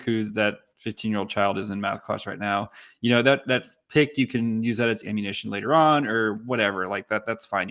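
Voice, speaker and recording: Low gravelly guy co-hosting a podcast, rambly, says um a lot. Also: a bit bright. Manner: rambling, filler-heavy recaps. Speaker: podcast co-host. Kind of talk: casual live-stream podcast chat.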